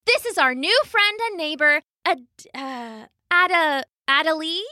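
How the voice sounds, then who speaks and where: A cheerful young girl, put on by a woman storyteller, chirps her lines in a high, bouncy voice that leaps all over the place. She sounds bright and sweet, eager to make friends, and the read is dry and close. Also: moderate pace, dry recording, heavily acted. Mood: bubbly. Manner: bubbly, excited and sweet.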